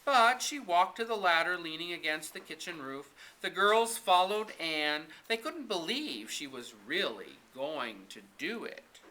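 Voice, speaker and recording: A man reading a children's storybook aloud with expressive narration. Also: fairly high pitch, a little slow, hardly any pauses. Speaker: reader.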